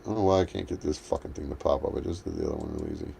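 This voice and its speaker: A man's voice: a bass voice, racing, vocal fry, dark tone, a little hiss or hum. A man hosting a livestream, ranting in a heated, profane, combative way. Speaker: livestream host. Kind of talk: livestream rant.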